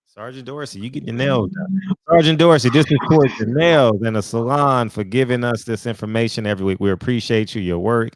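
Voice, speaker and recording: A man co-hosting a casual chat, animated and joking, with frequent affirming murmurs. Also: medium pitch, fairly quick.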